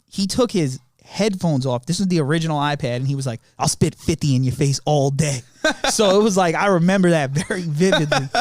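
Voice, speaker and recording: A young man tells a family story on a podcast, slangy and laughing as he acts out the lines. His voice sits fairly high, and the recording is dry and close. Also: no echo. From Long Island, New York. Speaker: podcast co-host. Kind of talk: casual storytelling chat.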